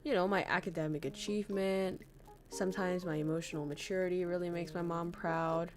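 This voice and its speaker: A young woman from northern Vietnam streams a casual chat, reading viewer messages and talking candidly, swearing freely and laughing often. Her voice is on the low side, steady in tone and a little fast.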